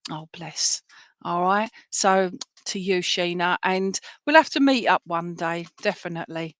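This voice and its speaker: A woman, working as a spiritualist medium and relaying messages to people at an online service in a gentle, reassuring way, often checking in with "all right?". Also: fairly low pitch, a little slow, no room sound. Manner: gentle, reassuring, full of fillers and "all right?" tag questions. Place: at home for an online church service.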